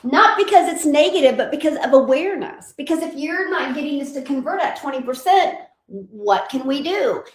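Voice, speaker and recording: A woman giving an energetic motivational talk as an online business coach, emphatic and repetitive, acting out quoted voices. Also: high-pitched, moderate pace, hardly any pauses, roomy sound.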